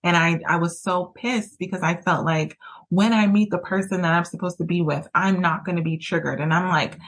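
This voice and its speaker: A woman's voice: steady tone, normal speed, poor audio. Candid, rambling woman podcast host. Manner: candid, rambling, with many fillers; jumps high into acted quotes. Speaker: podcast host and relationship coach. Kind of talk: casual personal storytelling.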